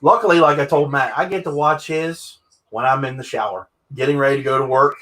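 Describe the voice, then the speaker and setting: A man's voice: mid-range voice, fairly quick, bright, forceful tone. A man hosting a casual interview over a video call. He talks in a loose, rambling way, repeats his words, and likes slipping into impressions. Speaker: host. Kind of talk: casual chat.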